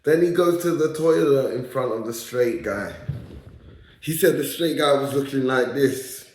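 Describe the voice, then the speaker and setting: Brief: young man; slow, deliberate storytelling with constant "yeah?" check-ins; echoey room. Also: medium pitch, slight background noise. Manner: repeats lines for emphasis, tags phrases with "yeah?". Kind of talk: casual storytelling monologue.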